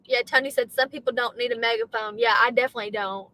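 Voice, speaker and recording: A woman co-hosting a casual livestream from a car, animated and loud when she gets passionate. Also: fairly high pitch, quick pace, low-quality recording. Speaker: livestream co-host. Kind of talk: casual chat.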